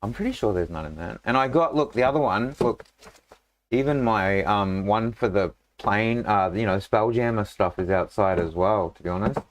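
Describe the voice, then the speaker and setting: Low-voiced man running a casual game. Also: normal speed. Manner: rambling, lots of fillers and restarts. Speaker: game master. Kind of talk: casual tabletop game session.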